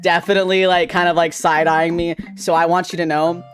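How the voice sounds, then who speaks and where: A young adult streamer in casual chat, giggly and teasing, with sudden bursts of excitement. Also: medium pitch, a little fast, faint music behind.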